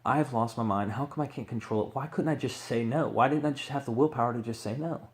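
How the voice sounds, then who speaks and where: A man's voice: medium pitch, fast talker. A man candidly telling his own addiction recovery story, rambling and swearing freely as he acts out what people said.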